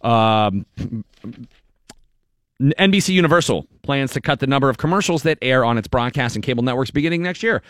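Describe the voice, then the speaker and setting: A man co-hosting a radio show, telling stories with lively energy and reading news items. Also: fairly quick, clean tone, no echo, clean studio sound. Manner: animated storyteller, jumps high into character voices.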